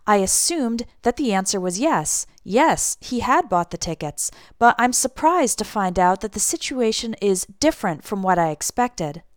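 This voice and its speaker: A woman teaching an English lesson, speaking clearly and deliberately as she explains and models example phrases. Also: mid-range voice, big pitch swings, dry recording, studio quality. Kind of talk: scripted language lesson.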